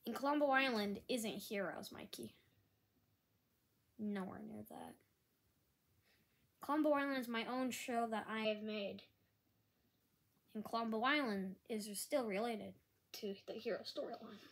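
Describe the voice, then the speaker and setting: A woman talking casually to camera in a rambling, halting apology vlog. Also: on the high side. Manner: rambling, halting, with frequent restarts. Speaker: vlogger. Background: dog nearby.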